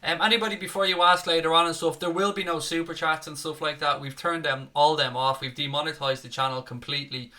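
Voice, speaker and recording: Young Dublin man, brightish raised voice, casual foul-mouthed live-stream host. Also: fairly high pitch, flat delivery, fast, few pauses. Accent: Dublin Irish. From Ireland (Dublin). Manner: chatty, swears freely, jokey asides to viewers. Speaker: fan channel co-host running a live match watchalong. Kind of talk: casual live-stream chat reading viewer comments. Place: home room, at his desk. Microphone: desk setup with webcam.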